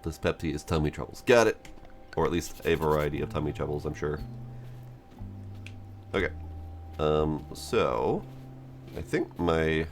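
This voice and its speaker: A man's voice: very deep voice, lively intonation, a little slow, pauses often, faint music behind. A man casually commenting on a game he is playing, chatty and self-mocking, reading its text aloud. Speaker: gameplay streamer. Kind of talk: casual let's-play commentary.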